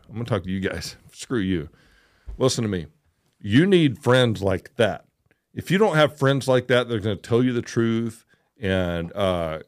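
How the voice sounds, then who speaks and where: A man co-hosting a casual talk show, speaking emphatically and repeating phrases to drive points home. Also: mid-range voice. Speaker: podcast co-host. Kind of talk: casual chat.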